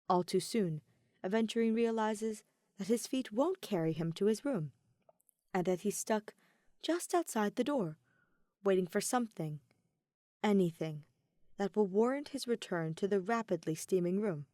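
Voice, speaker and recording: A woman narrating a story at a steady, measured pace, in a dry, close-miked audiobook style. Her voice sits at a middling pitch for a woman. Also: no room sound. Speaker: podfic reader.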